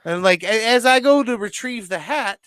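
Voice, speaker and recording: High-voiced young man telling a wild story. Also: normal speed, clean tone, no echo, studio quality. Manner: animated storyteller, swears freely, jumps into quoted voices. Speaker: podcast co-host. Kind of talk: casual storytelling chat.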